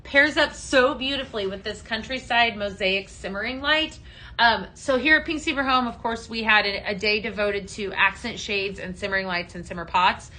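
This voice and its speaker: A woman with a medium-pitched, bright, forceful voice hosts a casual live-stream shopping show at normal speed. She's chatty and upbeat, says "um" a lot, and calls viewers her friends.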